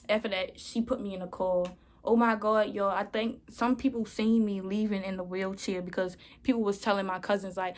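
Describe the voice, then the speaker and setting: A woman's voice: medium pitch, steady tone, fast talker, darkish tone. Young woman rambling thru a storytime vlog, slangy, keeps saying y'all. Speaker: vlogger. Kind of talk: casual storytime.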